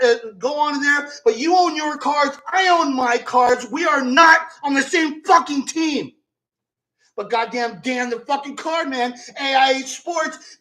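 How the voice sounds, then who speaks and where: High-pitched guy ranting and cursing at critics, yelling in bursts, card channel host. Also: low-quality recording. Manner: angry, profane, shouting in bursts. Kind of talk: profane ranting commentary.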